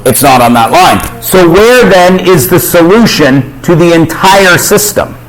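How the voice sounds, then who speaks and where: A man's voice: high-pitched, animated, measured pace, poor audio. Joking male math teacher quizzing class. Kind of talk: classroom lesson.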